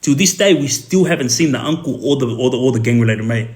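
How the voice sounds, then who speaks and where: A man's voice: mid-range voice, lively intonation, fast. Rambling Australian man telling a crime story. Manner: rambling, full of fillers and asides. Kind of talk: casual storytelling.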